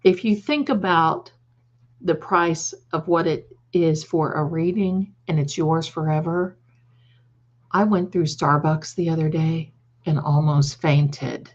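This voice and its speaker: Reading viewer comments aloud on a live stream, this woman psychic has a low, darkish voice with fairly even intonation and a slow pace. She's affectionate, calling viewers "my darling," and often repeats words and restarts sentences. The stream audio is lo-fi and slightly dull.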